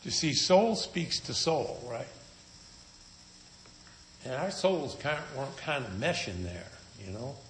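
A man's voice: medium pitch, sing-song, slow pace, pauses often, a bit bright, slight background noise. A man preaching a sermon in a conversational, storytelling manner with wry humor. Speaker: pastor. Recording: echoey room.

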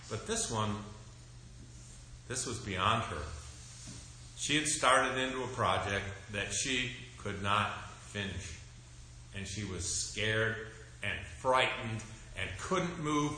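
A middle-aged male pastor tells the children a story in an animated, expressive way, speaking slowly. His voice is low yet bright. It was recorded in a church with a very strong echo and faint background noise. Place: church sanctuary. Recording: echoey church room.

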